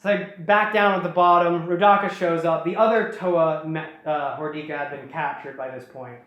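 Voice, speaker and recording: A woman's voice: deep voice, fairly even intonation, normal speed, lo-fi sound. A woman host casually retelling a story in a rambling, jokey way with many fillers and restarts. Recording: very echoey room.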